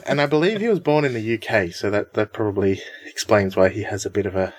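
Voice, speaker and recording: A man's voice: on the low side, quick pace, no echo. Upbeat chatty male podcast host. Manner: upbeat, chatty, laughs often. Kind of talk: casual podcast chat.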